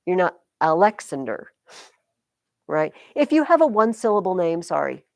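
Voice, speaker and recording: A woman's voice: fairly low pitch, sing-song, fast talker, creaky, dry recording. Chatty woman teaching a class. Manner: chatty, explains with sing-song rhythm examples. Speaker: high school English teacher. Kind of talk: classroom lecture.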